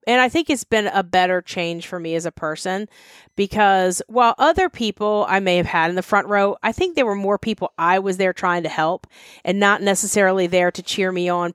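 A chatty woman with a Mid-Atlantic American accent co-hosts a podcast, talking emphatically to her listeners. Her voice sits at an ordinary pitch and sounds dry and close, with no room around it. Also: fairly bright tone, clean tone, dry recording. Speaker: podcast co-host. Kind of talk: casual podcast chat.

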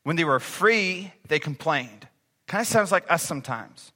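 High bright-voiced male preacher in a hall. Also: measured pace. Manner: animated, acts out complaining voices. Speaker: pastor. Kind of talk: sermon. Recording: reverberant hall.

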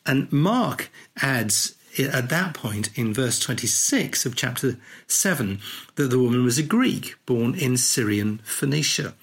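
A man hosting a podcast, teaching conversationally through a Bible passage in a thoughtful, unhurried way, explaining as he reads. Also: mid-range voice, lively intonation, slightly rough. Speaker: podcast host leading a Bible reflection.

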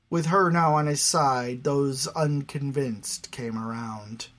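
A man narrating a fantasy story in a measured, even storytelling manner. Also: mid-range voice. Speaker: audiobook narrator.

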